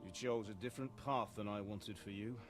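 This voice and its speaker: An actor playing a stern, fatherly village blacksmith in a game cutscene, speaking in a grave, measured, lecturing way. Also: lowish voice, natural voice. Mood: solemn. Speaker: game character. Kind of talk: scripted game cutscene dialogue. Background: music.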